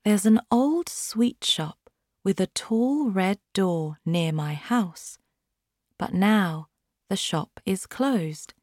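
A woman voicing a modest young boy in a storybook reading, speaking slowly and plainly. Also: medium pitch, lively intonation, darkish tone, no room sound, studio quality. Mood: wistful.

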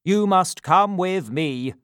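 A man's voice: sits high, expressive, slow, clean tone, dry recording, clean studio sound, pitched above the performer's own voice, full character voice. Mister Bumble, a man doing a blustering official. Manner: loud, blustering. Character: blustering bossy workhouse official, middle-aged man.

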